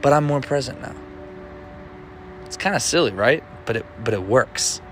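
A man's voice: medium pitch, animated, normal speed, a bit bright, soft background music. A man hosting a motivational self-help podcast, talking in a casual, playful coaching way. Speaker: podcast host.

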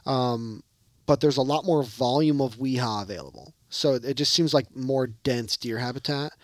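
A man with a Michigan accent, co-hosting a casual hunting podcast and telling stories in a rambling, animated way. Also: medium pitch, moderate pace, dry recording. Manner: rambling storyteller, animated, mimics locals. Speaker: podcast co-host.

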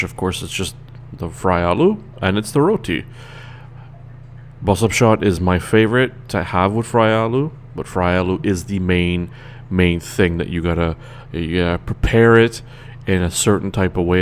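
A man's voice: low voice, a little hiss or hum. A man with a Trinidadian accent hosting his own radio show in a loose, chatty monologue, tired and rambling, laughing now and then.

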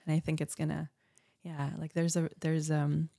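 A woman's voice: sits low, level tone, moderate pace, vocal fry, dark tone, dry recording, studio quality. A woman from Colombia, a podcast guest, talking in an earnest, searching way with many restarts. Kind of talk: reflective conversation.

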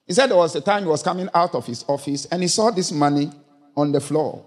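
A man's voice: fairly high pitch, fast talker. A man preaching a sermon, quoting scripture and throwing rhetorical questions at the congregation. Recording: long reverb of a large hall.

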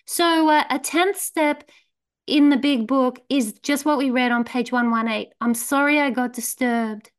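A woman leading a recovery meeting, telling a story in a relaxed way and slowing down on key lines. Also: sits high, smooth. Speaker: meeting leader.

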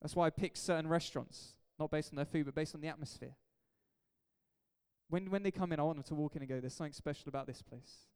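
A man's voice: on the high side, steady tone, fast, a little mellow, clear, resonant tone. A man, a pastor preaching an emphatic, jokey sermon in a church hall. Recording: echoey hall reverb.

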